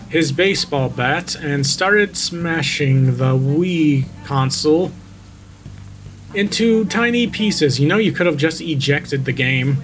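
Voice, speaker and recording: Sarcastic man mocking a creepypasta. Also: fairly high pitch. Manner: sarcastic, mocking, swears casually. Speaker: vtuber reading a creepypasta. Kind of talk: story reading with mocking commentary.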